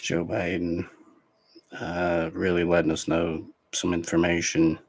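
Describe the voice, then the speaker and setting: A man's voice: sits low, completely flat delivery, a little slow. A man hosting a vlog, reacting to clips in rambling casual commentary full of fillers and restarts.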